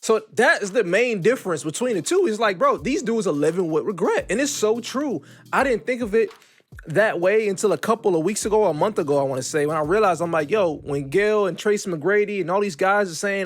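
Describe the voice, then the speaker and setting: Brief: male vlog host, loose slangy commentary, high pitch, soft music under. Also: lively intonation, fairly quick. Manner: casual, talks through stumbles, uses "bro" and "yo".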